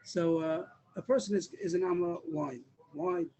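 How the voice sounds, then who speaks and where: A man's voice: high voice, fairly even intonation, normal speed, mellow, poor audio. A man teaching a Talmud class over a video call, explaining step by step with repeated words and restarts. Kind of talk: Daf Yomi class.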